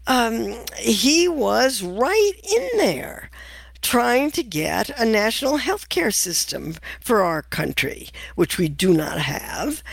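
An older woman who is a nutritionist appears as a guest in a conversational interview, telling stories wryly and laughing with amusement as she goes. Her medium-pitched voice has vocal fry, and there's no room sound.

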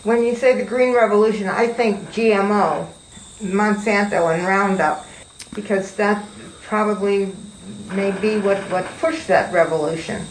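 A woman's voice: mid-range voice, fairly even intonation, unhurried, slight background noise. A woman interviewer asking direct, inquisitive questions. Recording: echoey room.

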